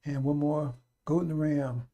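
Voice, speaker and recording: A man preaching on a live radio stream, raising his voice to urge his brothers and sisters and then dropping to a low mutter. His talk is blunt, repetitive and profane. His voice sits a little high for a man and sounds mellow and dark. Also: steady tone, normal speed. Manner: urgent and repetitive, swings from loud exhortation to low muttering.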